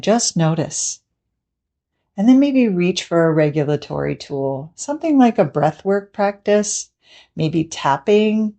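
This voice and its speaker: Brief: woman therapist, measured explanatory delivery, lowish mellow voice. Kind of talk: scripted educational talk.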